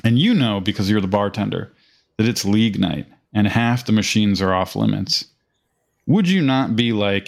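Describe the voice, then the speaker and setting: A man with a somewhat low voice tells a rambling, profane anecdote in relaxed podcast chat. He acts out the people in his story as he goes. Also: moderate pace, creaky. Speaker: podcast host.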